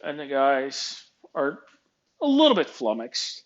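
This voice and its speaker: A man's voice: medium pitch, wildly swooping pitch, takes it slowly, muffled recording. A man telling a work story as a casual, exasperated rant, acting out both sides of the conversations. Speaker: vlogger ranting about work.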